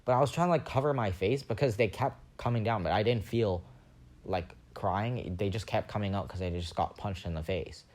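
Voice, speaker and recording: A man's voice: on the low side, moderate pace. A young man hosting a podcast, telling a rambling story in a casual monologue and acting out the other people's voices. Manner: animated, rambling, acts out quoted voices. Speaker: podcast host.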